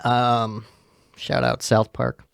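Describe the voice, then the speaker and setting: A man's voice: mid-range voice, completely flat delivery, slow, gravelly, smooth, no room sound. A young man, hosting a podcast and rambling through a profane, filler-heavy rant. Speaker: podcast host. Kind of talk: casual solo rant.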